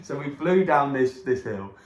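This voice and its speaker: A man co-hosting a podcast, telling a holiday story in casual chat with animated voices and frequent laughs. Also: medium pitch, moderate pace, muffled recording, a little hiss or hum. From England. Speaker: podcast co-host. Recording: echoey room.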